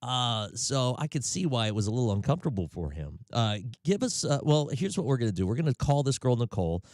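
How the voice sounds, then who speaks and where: A man from Tennessee, US, with a Southern accent and a darkish, mid-range voice talks fast with big pitch swings, in a dry, studio-quality recording. He hosts a radio show from a radio studio, chatting loosely and laughing easily between stories.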